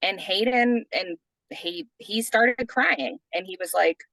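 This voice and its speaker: A woman's voice: medium pitch, slow pace, gravelly, fairly bright tone, dry recording, low-quality recording. A woman podcast host telling a personal story in a chatty way, full of "like" and "you know". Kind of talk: casual storytelling.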